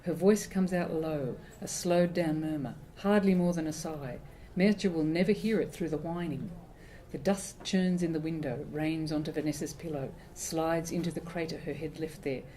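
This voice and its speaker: A woman reads her own story aloud, measured and expressive. Her voice is low and mellow, with a faint hum of room noise behind her. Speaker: author. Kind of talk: reading her fiction aloud.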